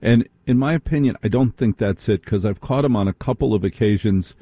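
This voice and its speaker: A man hosting a radio talk, wry and teasing, with a husky voice. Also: lowish voice, brisk, warm tone, dry recording. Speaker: radio host. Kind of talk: casual radio conversation.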